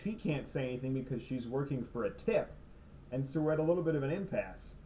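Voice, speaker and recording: A man's voice: medium pitch, expressive, fast talker, mellow. A young man telling comic stories in his own video blog, rambling and sarcastic, self-mocking, filmed in his room at night. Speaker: video blogger. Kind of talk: comedic monologue vlog. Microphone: cheap camera's built-in mic. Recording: slightly distant camera mic, faint room noise.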